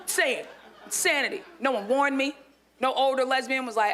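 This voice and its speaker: A woman's voice: sits high, a little fast, bright, forceful tone, a little hiss or hum. A woman in her thirties doing a stand-up set on a club stage, with brash, crude and profane punchlines. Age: 30s. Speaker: stand-up comedian.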